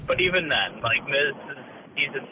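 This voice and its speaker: A man calling into a sports radio show, rambling with laughs and halting starts. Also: mid-range voice, lively intonation, background noise. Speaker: caller. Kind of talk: casual call-in chat.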